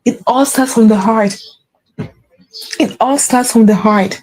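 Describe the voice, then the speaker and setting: A woman with a fairly high, mellow voice talks earnestly to the camera like a faith coach. She often says the same phrase twice for weight. Her tone stays soft and warm, with no edge. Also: a little slow, low-quality recording. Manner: earnest, repeats phrases for emphasis. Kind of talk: earnest spiritual pep talk to camera.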